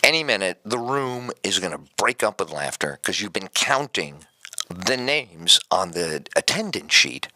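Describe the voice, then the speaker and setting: A man's voice: sits low, dry recording. A male radio talk show host telling a comic story as a rambling monologue and acting out the voices in it. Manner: animated, rambling storyteller who acts out voices.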